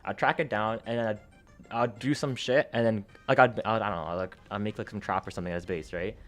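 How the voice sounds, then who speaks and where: Over faint background music, a young man with a fairly low voice rattles off a gaming story at speed. He rambles casually, packing in slang, swearing and fillers, and his animated energy keeps rising and falling.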